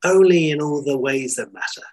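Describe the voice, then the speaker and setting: Told by a man putting him on, a smooth older con man speaks with dry, unhurried amusement. His drawl is worldly and teasing, pitched a little above a plain talking voice. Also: a little mellow, lightly acted, low-quality recording. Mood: wry. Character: suave older male con man, dryly witty.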